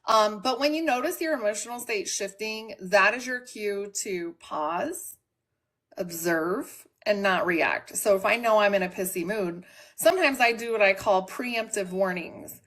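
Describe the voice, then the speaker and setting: A woman's voice: medium pitch, measured pace, fairly bright tone. A woman hosting a casual live stream from home, talking candidly and directly to her chat. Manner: candid, plain-spoken, talks to the chat. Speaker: livestream host.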